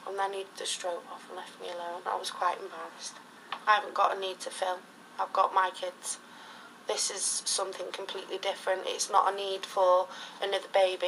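A woman's voice: medium pitch, fairly bright tone, slight background noise, poor audio. A middle-aged woman talking casually in an interview, rambling through anecdotes in a chatty way. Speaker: interviewee, reborn doll collector.

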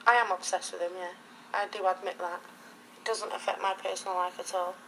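A middle-aged woman who collects reborn dolls chats casually as an interviewee, rambling through anecdotes. Her medium-pitched voice is a bit bright and a little fast, with a flat delivery. The audio is poor, with a little hiss or hum.

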